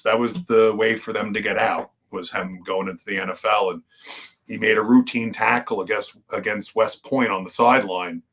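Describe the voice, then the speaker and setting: A man's voice: lowish voice, pushed and bright. A man, a podcast guest and wrestler, telling his story in earnest conversational style with many fillers and restarts.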